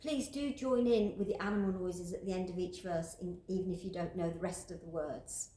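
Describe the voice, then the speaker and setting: A woman leading a church toddler group, speaking gently in simple words to small children. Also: fairly low pitch, fairly quick, heavy background noise. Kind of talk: children's worship session.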